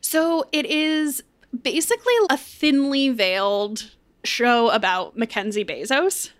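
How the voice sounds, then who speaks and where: A woman's voice: on the high side, takes it slowly, dry recording. A young woman co-hosting a podcast, chatting in an upbeat way with lots of casual fillers. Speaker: podcast co-host. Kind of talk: casual chat with ad read.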